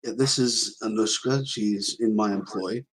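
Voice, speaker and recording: An earnest young raccoon knight makes his case in formal speech, played by a man. He speaks low and unhurried. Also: husky, low-quality recording. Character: young raccoon knight, noble son, honor-bound.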